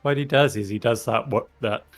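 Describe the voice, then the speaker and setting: A man's voice: medium pitch, fairly quick, creaky. A man playing in a tabletop game, easygoing and laughing. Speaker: player. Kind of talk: casual tabletop game chat.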